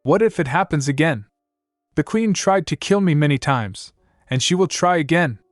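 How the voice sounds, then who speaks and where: A man voicing a scheming, petulant young mistress in a high, whiny, dramatic voice, reading a comic recap story. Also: lively intonation, normal speed, no room sound, studio quality, faint music behind, close to an everyday voice. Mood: tearful.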